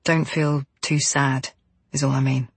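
A woman reading an audiobook, voicing a terse, shaken adult male diver who answers in flat, clipped replies. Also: very deep voice, a little slow, gravelly, slightly rough, dry recording, full character voice. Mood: grim. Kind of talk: audiobook character voice.

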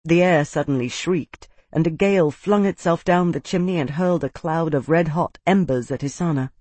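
A man's voice: a little high, normal speed, no echo. Man narrating a dramatic fantasy audiobook. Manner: steady, dramatic storytelling.

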